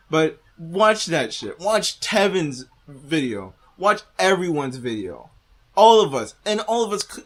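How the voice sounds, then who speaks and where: A man's voice: on the high side, a bit bright. A man hosting a reaction video, ranting with heavy profanity and arguing back at the clip he is watching.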